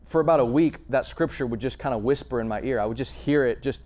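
A man preaching a conversational sermon, earnest and storytelling, swinging between emphatic lines and hushed asides. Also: mid-range voice, fast, few pauses. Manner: frequent fillers and restarts, storytelling.

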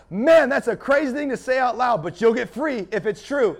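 A man's voice: extremely high pitch, brisk, hardly any pauses. A man preaching a sermon as pastor, fiery and building in intensity.

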